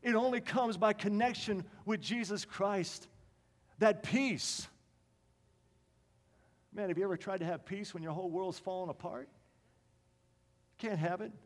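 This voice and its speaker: A man preaching a sermon with passion, swinging from emphatic lines to quiet ones. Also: high-pitched. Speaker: pastor. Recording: long reverb of a large hall.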